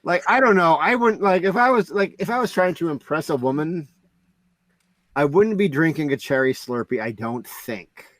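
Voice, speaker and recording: A man co-hosting a podcast rambles through an anecdote in casual chat, piling on fillers and restarts. His voice sits a little high and sounds dry and close. He talks loosely and conversationally. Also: animated, moderate pace, a bit bright, dry recording. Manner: rambling storyteller, heavy on "like". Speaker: podcast co-host.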